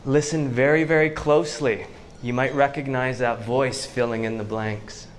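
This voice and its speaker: A Canadian man giving an inspirational talk to a live audience, telling stories with slow, dramatic pauses. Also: medium pitch, steady tone, slight background noise. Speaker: motivational speaker. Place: event venue before a live audience.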